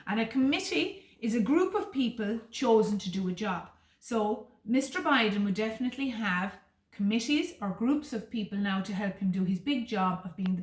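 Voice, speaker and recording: A woman teacher, giving a slow, clear and encouraging vocabulary lesson to young children. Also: mid-range voice. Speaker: primary school teacher. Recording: echoey room.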